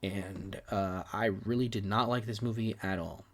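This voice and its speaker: Fairly low in pitch, with fairly even intonation and a normal speed, this man co-hosts a podcast about films. He chats casually, reviews candidly, swears freely, restarts words, and sometimes slips down to a near whisper.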